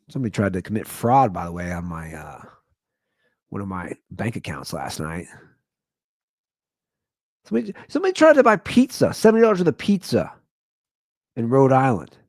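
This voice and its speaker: A man in his thirties hosting his own comedy podcast, rambling through a monologue and jumping into high, incredulous exclamations. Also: vocal fry, darkish tone, no room sound, clean studio sound.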